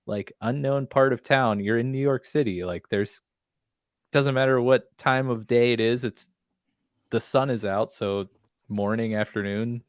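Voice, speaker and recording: A man's voice: medium pitch, a little slow, dry recording. A man co-hosting a casual podcast, animatedly retelling scenes from a TV episode and acting out lines. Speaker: podcast co-host. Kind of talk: casual chat recapping a TV episode.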